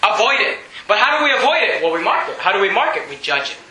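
A man preaching a fiery sermon as pastor, yelling and hammering points with repetition. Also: high-pitched, big pitch swings, quick pace, echoey room, low-quality recording. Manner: loud, yelling, emphatic repetition. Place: church sanctuary.

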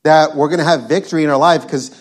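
A man's voice: on the high side, fairly even intonation, fast talker. A male preacher delivering an emphatic sermon, reading scripture and driving points home by repeating them. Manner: emphatic, repetitive, quotes scripture.

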